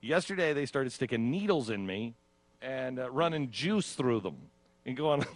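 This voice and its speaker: A man's voice: medium pitch, expressive, normal speed, no room sound. A man hosting a radio talk show, casually telling of his own ordeal and acting out his own panicked reactions with laughs. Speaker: radio host.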